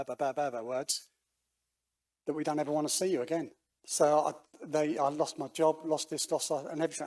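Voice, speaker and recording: A man giving a personal testimony at a church, talking conversationally with halting restarts and acting out the voices of the people he quotes. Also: a little high, a little mellow. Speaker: guest speaker telling his life story. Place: church hall.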